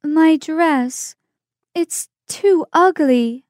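A woman voicing a sweet, timid young Cinderella in a storybook reading, speaking softly and earnestly. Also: high voice, drawn-out words, no room sound, clean studio sound, pitched above the performer's own voice.

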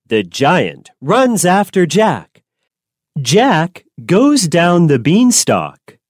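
A woman narrating a simple storybook in a clear, deliberate way for learners. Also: lowish voice, a little mellow, dry recording, clean studio sound.

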